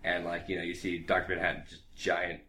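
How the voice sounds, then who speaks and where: A man's voice: low voice, monotone, brisk, bright, forceful tone, a little hiss or hum. A young man in casual chat, rambling through a story recap with lots of fillers and acting out characters' lines.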